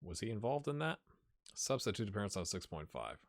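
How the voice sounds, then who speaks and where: A man hosting a gaming channel, talking through a football management game in casual let's-play commentary, slangy and joking, cheering players on with loud outbursts. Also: fairly low pitch, brisk. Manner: excitable, talks to players in the game, loud outbursts when goals come; slangy and joking, trails off into mumbles.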